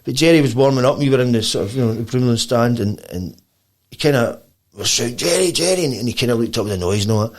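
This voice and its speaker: A Scottish man talks as a guest on a podcast. His delivery is rapid and rambling, full of restarts. His pitch sits in an average range for a man. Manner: animated storytelling. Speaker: guest musician. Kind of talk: casual podcast chat.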